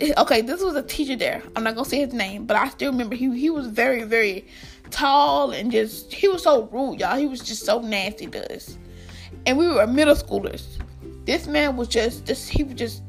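High-voiced woman telling a rambling story. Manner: rambling, animated, many fillers and restarts. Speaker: vlogger. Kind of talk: casual storytime addressed to viewers.

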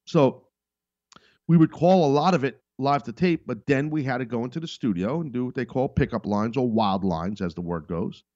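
A man's voice: mid-range voice, darkish tone, dry recording, lo-fi sound. A middle-aged man hosting a podcast in a casual, rambling monologue. He talks emphatically and repeats his points. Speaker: podcast host.

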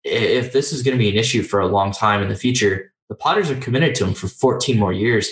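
A man's voice: on the low side, quick pace. A young man talking in a casual, rambling sports chat, full of fillers and restarts. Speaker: podcast co-host. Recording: roomy echoey recording.

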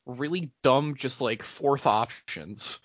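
A man's voice: mid-range voice, takes it slowly, no room sound. A young man co-hosting a podcast in casual chat, rambling and laughing easily. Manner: rambling, laughs often, restarts. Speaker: podcast co-host. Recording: dull lo-fi podcast audio, dry.

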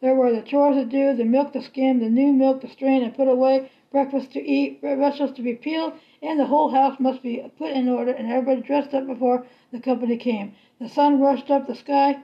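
A woman reading a children's novel aloud in a steady, unhurried storybook manner. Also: high voice, muffled recording. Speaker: reader.

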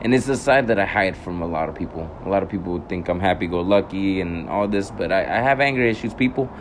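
Low-voiced young man telling a rambling, profane story. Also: quick pace, a little hiss or hum. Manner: rambling, profane, self-correcting, laughs at himself. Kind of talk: casual storytelling monologue.

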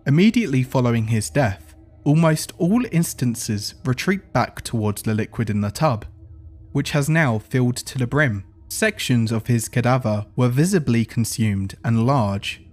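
A man giving scripted horror narration in an even, report-like reading style. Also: mid-range voice, moderate pace.

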